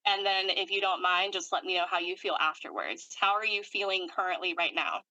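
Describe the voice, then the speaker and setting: Woman, energy worker, bright tone, dry close sound, calm guided instructions, video call. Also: fairly low pitch, a little fast, no room sound, highs cut off. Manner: calm, steady, instructive, recites long lists of commands. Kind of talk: guided energy-clearing session.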